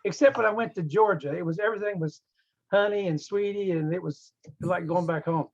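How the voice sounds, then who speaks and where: A man's voice: high-pitched, brisk, vocal fry, muffled recording. A man in his seventies from West Virginia, telling rambling stories in casual meeting chat. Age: 70s. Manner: rambling, chatty storyteller. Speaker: club member.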